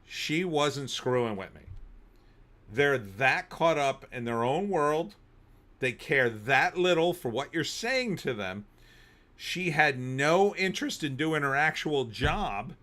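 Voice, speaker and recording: Bright-voiced New man telling stories. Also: on the high side, takes it slowly. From New Jersey. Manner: animated storyteller, bursts into shouting when riled. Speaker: host. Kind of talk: livestream commentary and reading chat.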